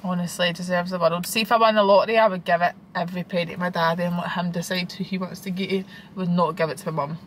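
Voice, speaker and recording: A young Scottish woman chatting casually as a vlogger, slangy and animated, swearing freely. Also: fairly low pitch, fast, a little hiss or hum, rough recording. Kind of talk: casual chat.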